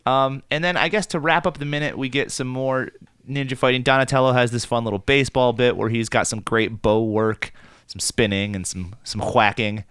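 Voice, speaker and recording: A man's voice: mid-range voice, steady tone, moderate pace, few pauses, fairly bright tone, smooth, no room sound, clean studio sound. A man hosting a casual podcast chat over a video call, chatty and joking. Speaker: podcast host.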